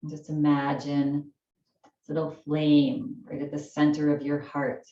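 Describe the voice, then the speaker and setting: A woman leading a gentle chair yoga class, giving soft, slow, soothing cues for breathing and stretching. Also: low-pitched, monotone, echoey room, distant mic, highs cut off.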